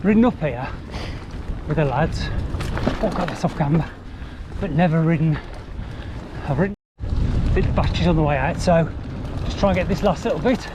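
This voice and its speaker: A breezy man talks to his action camera as he rides country trails. His voice sits fairly high and he tosses off light swearing. Faint traffic hums behind him outdoors. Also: moderate pace, long pauses. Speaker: mountain bike vlogger. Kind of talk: casual vlog commentary while riding.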